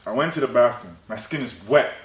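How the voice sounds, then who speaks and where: A young man hosting a podcast, telling a story in casual chat, animated and laughing, with "bro" in nearly every line. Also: mid-range voice, fairly quick. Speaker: podcast host. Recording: roomy echo, faint noise.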